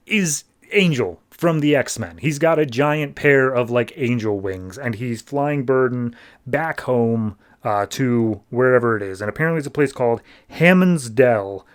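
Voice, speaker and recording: Chatty man recapping comics. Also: mid-range voice. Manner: chatty storytelling, heavy use of "like", slips into quick mock voices for characters. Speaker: podcast host. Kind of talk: casual comic book recap.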